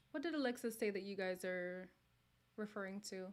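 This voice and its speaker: A woman with a mid-range voice talks at a normal speed while hosting a casual live watch party for a reality show. She chats freely, reads viewer comments aloud, and drops into whispered asides.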